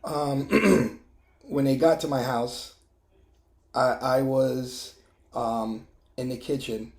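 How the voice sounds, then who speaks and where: A middle-aged man sharing a personal testimony in an emotional, halting way, with many restarts and fillers. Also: mid-range voice, fairly even intonation, vocal fry, a little mellow, echoey room. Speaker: testimony vlogger.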